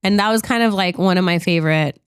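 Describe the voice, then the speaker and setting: A woman talks casually on a podcast, rambling with plenty of "like" and the odd swear. Her voice is smooth and clear, pitched on the low side. The sound is dry and close, with no room around it. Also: quick pace, no room sound. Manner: chatty, animated, peppered with "like" and swearing. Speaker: podcast co-host. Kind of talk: casual movie review chat.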